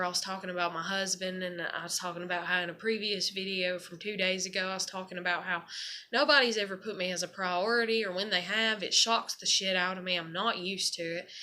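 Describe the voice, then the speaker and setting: Bright-voiced woman venting on a vlog. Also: medium pitch, slight background noise. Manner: rambling, profane, emotional storytelling. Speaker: vlogger. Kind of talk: casual venting monologue.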